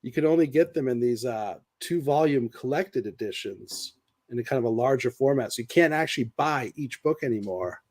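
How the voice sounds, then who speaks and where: A man's voice: medium pitch, expressive, a little fast, a little mellow, no room sound. Chatty man with a dry, close voice. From United States. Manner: chatty, many fillers like "like", laughs while telling stories. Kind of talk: casual chat.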